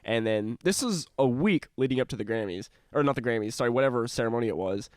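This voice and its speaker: A young man co-hosting a podcast in casual chat, rambling with lots of filler words and laughing often, a little hoarse from a cold. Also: medium pitch, lively intonation, fast, no echo, studio quality. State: slight cough from a cold. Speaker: podcast co-host.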